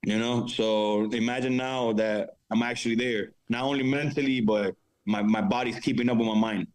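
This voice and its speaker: A man's voice: mid-range voice, steady tone, moderate pace, low-quality recording. A confident male fighter talking as a guest on a podcast. He speaks in a mid-range voice with brash, slangy swagger. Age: adult father of four. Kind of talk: casual interview chat.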